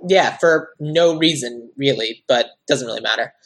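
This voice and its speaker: Speaking at a moderate pace, this husky woman has an extremely low pitch. As a podcast co-host, she casually discusses a movie, saying "like" often and frequently starting sentences over.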